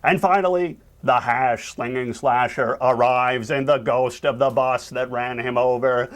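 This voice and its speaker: A man's voice: mid-range voice, fairly even intonation, measured pace, lightly acted. A man voicing a grumpy grown male cartoon squid who tells a spooky story and then brushes it off as a joke.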